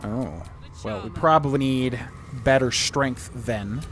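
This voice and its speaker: A man's voice: medium pitch, slow pace, music in the background. A man streaming a video game, chatting casually and thinking aloud with lots of fillers as he works through a puzzle. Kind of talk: casual let's-play commentary.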